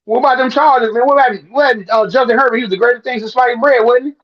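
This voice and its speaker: Male podcast co-host, high voice, animated teasing sports banter, muffled sound. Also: fast talker. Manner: animated, teasing, repeats himself for emphasis. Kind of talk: casual sports talk.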